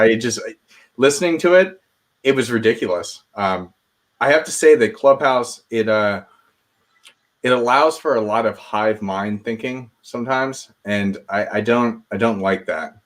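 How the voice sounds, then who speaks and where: Low-voiced guy, measured, kinda hesitant, guesting on the chat. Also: fairly bright tone. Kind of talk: casual podcast chat.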